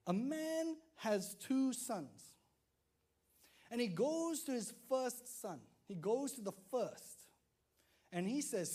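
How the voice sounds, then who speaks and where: A man preaching a sermon, telling stories in an animated way, acting out quotes and checking in with listeners. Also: high voice, measured pace, husky. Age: adult father. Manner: animated storytelling, acts out quotes, frequent "right?" to listeners.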